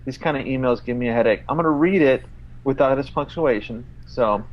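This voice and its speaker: A man co-hosts a casual podcast, reading aloud with weary exasperation and plenty of swearing. He halts and restarts, with lots of fillers. The recording is dull and lo-fi. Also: mid-range voice. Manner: exasperated, profane, halting with fillers. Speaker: podcast co-host.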